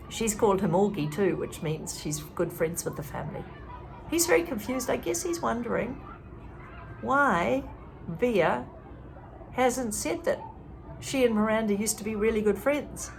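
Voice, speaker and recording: A woman reading a novel aloud in a lively way, stopping now and then to comment. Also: fairly high pitch, unhurried, vocal fry, a little hiss or hum. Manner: reads in a lively way, stops to comment. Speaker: reader.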